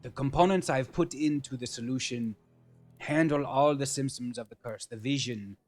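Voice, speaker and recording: A careful male alchemist lays out his craft in a measured, lecturing way, as a man puts him on. He pauses and hesitates as he thinks. Faint music runs underneath. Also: medium pitch, darkish tone, lightly acted.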